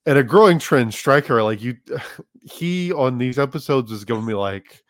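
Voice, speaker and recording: A man's voice: mid-range voice, lively intonation, normal speed, dry recording, studio quality. A man guesting on a podcast, giving rambling casual opinions full of likes and small laughs.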